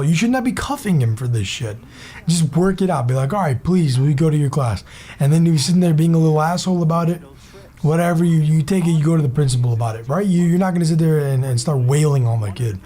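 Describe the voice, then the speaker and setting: A man's voice: on the high side, lively intonation, fast talker, dark tone. A young man hosting his own gaming channel, ranting in a heated, rambling way with lots of swearing, fillers and restarts. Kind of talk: casual vlog rant.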